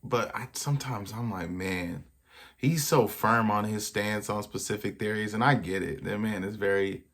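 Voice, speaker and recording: A man with a fairly low voice reacts to clips and muses out loud. He talks in a loose, slangy way, circling his point as he goes. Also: normal speed. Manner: rambling, slangy, thinking aloud. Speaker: reaction video host. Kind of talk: casual reaction commentary.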